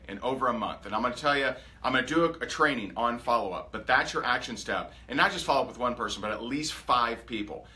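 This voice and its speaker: Bright, energetic male sales coach. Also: medium pitch. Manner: energetic, animated, acts out example dialogues. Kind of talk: motivational training talk.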